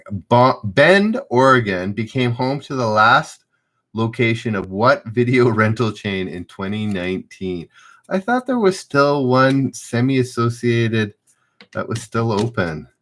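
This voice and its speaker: A man's voice: lowish voice, fairly bright tone. A man hosting a live-streamed trivia game, reading questions aloud and chatting loosely with viewers.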